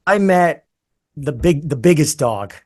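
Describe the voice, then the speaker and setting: A man, a guest musician, telling a long story in an interview in a casual, animated way with many fillers and asides. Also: fairly high pitch, unhurried.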